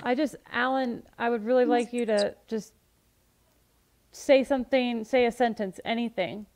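A woman's voice: on the high side, steady tone, moderate pace, a little mellow. A woman co-hosting a live spirit-box session, earnestly pleading and calling out to spirits. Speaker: paranormal investigator host.

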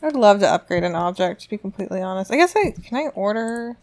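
Reacting out loud as her life-sim game unfolds, this let's play gamer keeps up casual, chatty commentary. She's a young adult woman with a mid-range, slightly mellow voice, lively intonation, and a quick pace.

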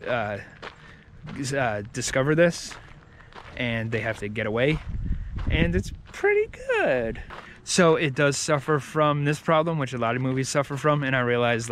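A man's voice: mid-range voice, a bit bright, a little hiss or hum. A man giving a casual, rambling movie review, with many fillers and restarts.

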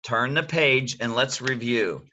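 Older man, grandfatherly bedtime reader, slow and bright, playful sound effects, coaxes kids along. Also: medium pitch, muffled recording. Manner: playful, coaxing children to copy animal and sound effects. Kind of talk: read-aloud bedtime story.

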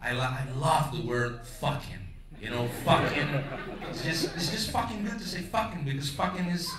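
A man from Brazil with a Brazilian Portuguese accent, emceeing a stand-up show in English, loud and brash, swearing freely and quizzing the audience. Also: fairly high pitch, moderate pace, background noise. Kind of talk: stand-up crowd work. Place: theater stage with live audience. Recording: echoey theater, mic at a distance, audience audible.

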